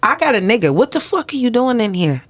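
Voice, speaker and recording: Young woman podcast co-host, animated and profane, casual storyteller. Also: a little high, fast. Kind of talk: casual chat.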